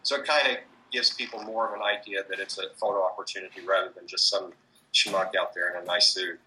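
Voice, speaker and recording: A man's voice: low-pitched, steady tone, brisk, sharp tone, slight background noise, poor audio. A man answering interview questions about his street performing, hesitant, with many fillers and restarts. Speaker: street performer in mobster costume.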